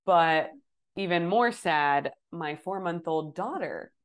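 A young woman co-hosting a casual podcast chat, speaking while sick with a hoarse voice, candid and swearing casually. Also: on the low side, expressive, slow pace. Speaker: podcast co-host.

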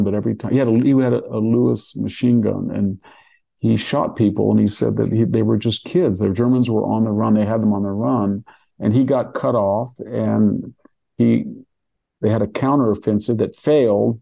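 A man's voice: lowish voice, creaky, warm tone, breathy edge. An older man from California talking through history in a rambling, casual way, with many restarts and asides. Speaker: podcast host discussing history.

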